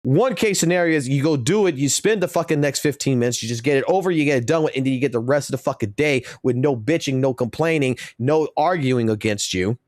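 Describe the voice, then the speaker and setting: A man's voice: mid-range voice, fast, hardly any pauses, a little mellow, no echo, clean studio sound. A man in his thirties or forties, a game streamer ranting profanely and with exasperation during a live broadcast.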